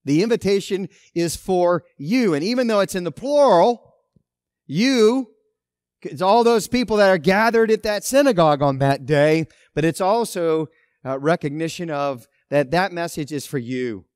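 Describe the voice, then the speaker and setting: A man pastor preaching a sermon, emphatic, with loud stresses and quiet asides. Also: high voice, lively intonation, moderate pace, clear, resonant tone, dry recording, clean studio sound.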